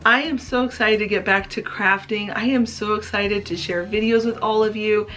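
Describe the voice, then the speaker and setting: A woman's voice: medium pitch, steady tone, moderate pace, fairly bright tone, soft background music. A woman crafting vlogger talking to her viewers in a heartfelt personal update, earnest and emotional. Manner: earnest, emotional, tearful at times. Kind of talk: heartfelt personal vlog talk.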